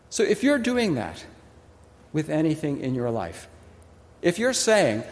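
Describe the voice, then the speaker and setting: A male pastor delivers an expressive sermon in a high, lively voice that rises and falls sharply. He stresses key words with pauses and mimics the people he quotes. The sound carries a long reverb from a large hall.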